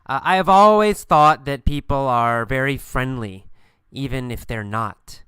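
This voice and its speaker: A man teaching an English lesson, telling a short story slowly and patiently, repeating and rephrasing things for learners. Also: mid-range voice, a bit bright, clear, resonant tone, dry recording.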